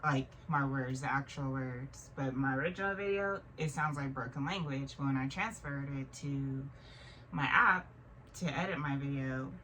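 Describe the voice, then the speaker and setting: A woman in her thirties tells a strange story in a low voice, rambling and restarting her sentences with plenty of fillers. She sits a little back from the mic, and faint noise runs under her voice. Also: normal speed, bright, forceful tone, far from the mic, rough recording. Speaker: vlogger. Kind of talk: casual storytelling monologue.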